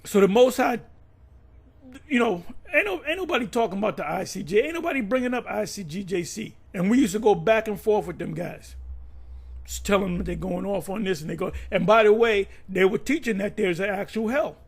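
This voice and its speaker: A man's voice: sits high, animated, fairly quick, slightly rough. A man preaching in a combative, profane rant, stumbling over and repeating his words. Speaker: religious teacher.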